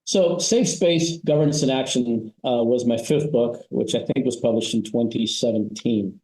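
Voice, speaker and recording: A man's voice: mid-range voice, moderate pace, mellow, reverberant, low-quality recording. A man advising on family business, explaining ideas in a conversational interview and telling stories with frequent "you know" and "right?" tags.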